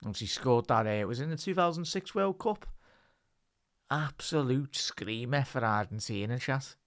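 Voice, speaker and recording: A man's voice: mid-range voice, lively intonation, normal speed. A man with a Scouse accent giving casual live match commentary on a stream, chatting to his viewers and calling them lad and chat. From Liverpool, England.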